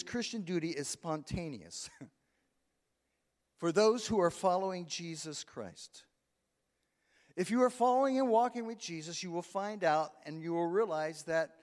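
A man's voice: high-pitched, a little mellow. A middle-aged male pastor preaching a sermon, calling out to the congregation with rising emphasis and amens. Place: church sanctuary. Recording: long hall reverb.

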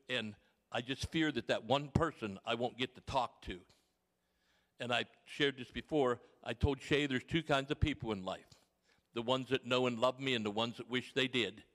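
An older man giving a folksy mission testimony to a congregation, telling stories with gentle humour. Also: medium pitch. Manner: homely storytelling with gentle humour. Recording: long reverb of a large hall.

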